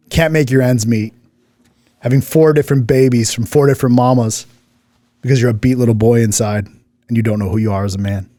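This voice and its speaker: A man's voice: medium pitch, warm tone, no room sound. Guy clapping back at comments, cocky, swears, dry close mic. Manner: cocky, mocking, swears casually. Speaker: podcast co-host. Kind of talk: casual chat reacting to comments.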